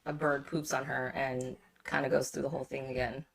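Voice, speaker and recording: A woman's voice: very deep voice, little pitch movement, brisk, creaky, over a noisy crowd. A woman talking casually about a film with her brother on a podcast, chatty and laughing often. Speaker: podcast guest. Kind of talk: casual movie discussion.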